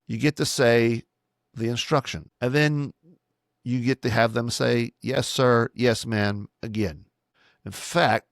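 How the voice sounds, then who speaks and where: A man's voice: medium pitch, vocal fry, no echo, clean studio sound. A man, a pastor, teaching parents on his own podcast in a plain-spoken, instructive way and repeating his key points.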